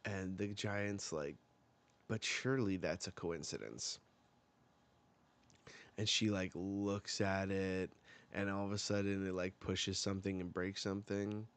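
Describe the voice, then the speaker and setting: A man's voice: low voice, flat delivery, a little slow, a bit bright, clean tone. A man hosting a live manga reaction, chatting casually and rambling with lots of "like" and "you know", with the odd swear.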